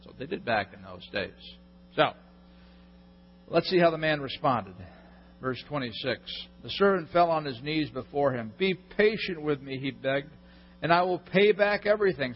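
Male pastor, sermon, husky, fairly high voice, talks to the congregation, echoey hall, dull lo-fi sound. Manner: conversational, questions the congregation directly.

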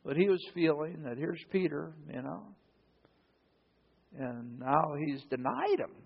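A man's voice: fairly high pitch, animated, measured pace, gravelly, slightly rough, dull audio. A man preaching a sermon as a pastor, telling the story dramatically and acting out the quotes.

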